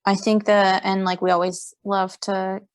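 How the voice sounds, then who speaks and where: A woman's voice: medium pitch, flat delivery, unhurried. A young woman co-hosting a podcast in casual chat, blunt, indignant and sarcastic. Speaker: podcast co-host.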